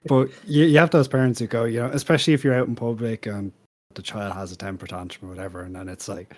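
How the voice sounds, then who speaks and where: A man's voice: medium pitch, fairly even intonation, fast talker. A man, chatting casually on a podcast panel with wry asides.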